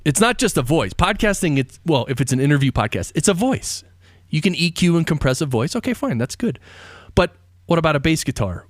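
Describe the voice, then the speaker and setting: A man's voice: medium pitch, no echo, studio quality. Enthusiastic man hosting a podcast. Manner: enthusiastic, rhetorical run of questions. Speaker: podcast host. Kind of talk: casual interview chat.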